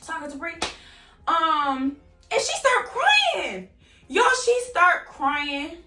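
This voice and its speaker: Chatty young woman, bright, roomy. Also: very high voice, wildly swooping pitch, takes it slowly, recorded from a distance. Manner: chatty, candid, swears freely. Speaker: vlogger. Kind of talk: casual storytime vlog. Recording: roomy, off-mic, faint music.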